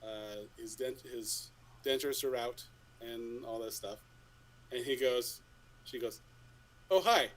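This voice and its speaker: Casual male podcast co-host with a medium-pitched voice. He tells stories in a rambling way, stumbles over restarts and swears easily. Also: level tone, takes it slowly, slight background noise, rough recording. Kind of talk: casual storytelling chat.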